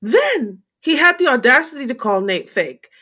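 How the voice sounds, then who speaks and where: A woman's voice: sits high, sing-song, normal speed, sharp tone, slightly rough. A woman co-hosting a podcast, laughing and exasperated as she comments on a reality show. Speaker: podcast co-host. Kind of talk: casual recap chat.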